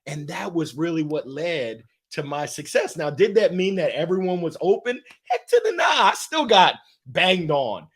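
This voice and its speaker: A middle-aged man with a fairly high voice tells stories with lots of energy. His pitch jumps around a great deal as he acts out the other people in his stories, in an animated, engaging way. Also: normal speed, few pauses, breathy edge. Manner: lively, acts out voices in anecdotes. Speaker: guest. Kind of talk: animated storytelling.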